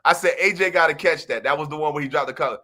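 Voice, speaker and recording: A man talking football in a loose postgame podcast chat. His voice sits a bit high and rings bright and sharp. He tells stories with a laugh and bursts into other people's lines as he reenacts them. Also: very fast. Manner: animated, laughing storyteller who acts out text exchanges. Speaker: sports podcast co-host. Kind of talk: casual postgame sports chat.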